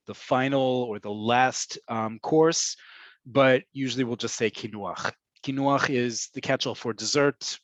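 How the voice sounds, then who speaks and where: A man teaching vocabulary in an online language lesson, explaining patiently and repeating words slowly for learners. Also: medium pitch, dry recording, dull audio. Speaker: Hebrew teacher. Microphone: computer mic on a video call.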